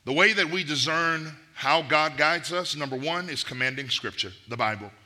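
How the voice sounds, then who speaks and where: A man's voice: a little high, moderate pace, pushed and bright. A middle-aged man preaching a sermon, emphatic and repeating key phrases. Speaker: pastor.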